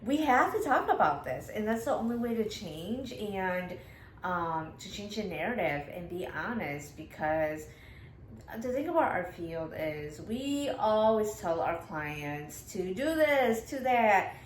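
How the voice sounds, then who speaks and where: A woman's voice: medium pitch, lively intonation, measured pace. A woman therapist as a guest in a casual chat, speaking earnestly and often murmuring agreement. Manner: earnest, frequent affirming murmurs. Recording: echoey room with faint noise.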